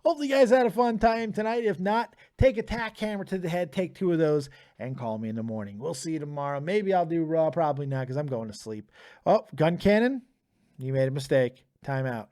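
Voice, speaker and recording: Young man, streamer host, tired, profane, ranting, fairly high voice. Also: expressive, a little fast, darkish tone. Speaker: streamer host taking live callers. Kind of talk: profane live-stream rant.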